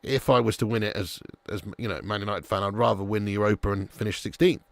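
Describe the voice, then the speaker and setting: Chatty man, gravelly voice. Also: fairly low pitch, fairly even intonation, quick pace, dry recording, clean studio sound. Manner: chatty, banter with chat, swears casually. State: a little sleepy. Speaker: watch-along streamer. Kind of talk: live football watch-along chat.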